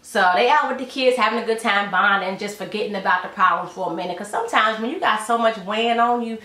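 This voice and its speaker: A woman's voice: mid-range voice, quick pace, bright, forceful tone, reverberant, distant mic. A woman giving a casual, slangy recap of a TV episode in a chatty retelling manner. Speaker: TV episode reviewer.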